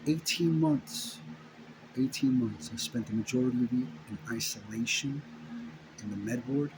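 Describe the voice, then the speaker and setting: A man's voice: mid-range voice, normal speed. A man telling his own story in an impassioned monologue, swearing often and repeating phrases for emphasis. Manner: profane, emphatic, indignant, repeats phrases for stress. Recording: steady background noise.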